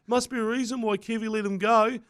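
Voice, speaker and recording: A man's voice: high voice, steady tone, brisk, a bit bright, clear, resonant tone, pitched above the performer's own voice. A New man doing a sneering impression of a grumbling male rugby league commentator who dismisses one team. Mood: dismissive.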